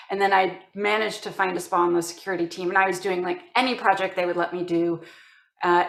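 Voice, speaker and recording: A woman from Canada talks casually as an interview guest and tells her stories with energy, acting out the other people in them. Her voice sits at a middle pitch. The sound carries a noticeable room echo. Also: vocal fry. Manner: animated storytelling, acting out quoted voices.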